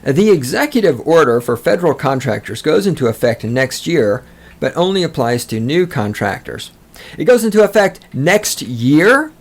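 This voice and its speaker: A man's voice: fairly high pitch, big pitch swings, moderate pace. A man hosting a podcast, ranting with sarcastic, profane, mocking commentary. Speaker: podcast host.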